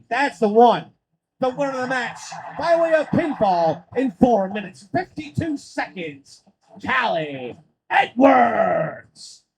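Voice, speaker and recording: High-voiced excitable wrestling commentator man. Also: a little hiss or hum, poor audio. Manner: excitable, profane, swings into shouting. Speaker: play-by-play commentator. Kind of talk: live streamed wrestling commentary.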